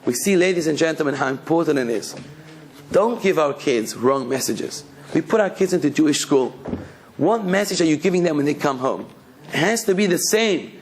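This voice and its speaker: Male rabbi, sermon storyteller, slightly high pitch. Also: animated, normal speed, a little hiss or hum. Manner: telling a story, then exhorting the listeners.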